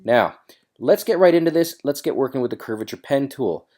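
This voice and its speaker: A man hosting a casual screen-recorded software tutorial, chatty and loose, thinking aloud as he works. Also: mid-range voice, animated, fairly quick.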